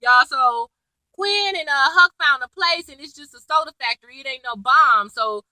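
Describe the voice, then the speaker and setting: Bright high-voiced chatty woman. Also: lively intonation, moderate pace, no echo, low-quality recording. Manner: chatty, gossipy retelling full of asides. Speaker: TV episode reviewer. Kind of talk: casual recap vlog.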